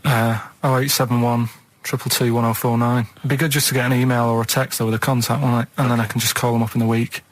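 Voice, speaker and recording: A man on a radio show, chatting casually and telling rambling, halting stories full of restarts. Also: mid-range voice, flat delivery. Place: radio studio.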